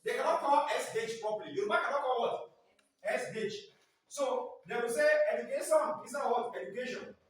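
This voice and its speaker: A man's voice: very high voice, brisk. A man teaching a class, prompting pupils to finish his sentences in a call-and-response lecture. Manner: repeatedly prompts the class to fill in words. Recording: echoey classroom from far off.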